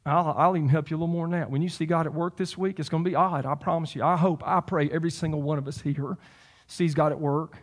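A man's voice: on the high side, fairly even intonation, quick pace. A man in his fifties preaching a sermon, emphatic and repeating phrases for stress. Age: 50s. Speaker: pastor.

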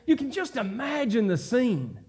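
A man's voice: very high-pitched, big pitch swings, moderate pace, darkish tone, slightly rough. A man preaching a sermon to his church, building to emphatic repeated phrases. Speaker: pastor. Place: church sanctuary.

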